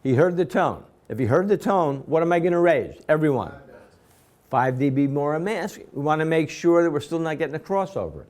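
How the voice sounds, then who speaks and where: A man with a slightly high voice lectures his class. He explains each step methodically and repeats himself for emphasis. He keeps stopping to quiz his students with quick questions. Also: lively intonation, a little mellow. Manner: quizzing students with rhetorical questions. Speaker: instructor.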